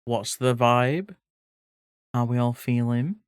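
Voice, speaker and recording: While drawing for live viewers, a Leeds-raised English streamer chats playfully, reads their messages out and drops the odd swear word. The middling-pitched voice is slow and clean-toned, recorded close and dry with no echo or room sound.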